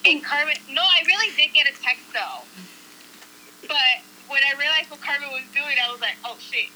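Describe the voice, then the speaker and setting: A woman's voice: high voice, moderate pace, a little hiss or hum, rough recording. A woman telling a story to a group of friends in a casual way, acting out what people said and swearing casually. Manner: animated, acts out quotes, swears casually.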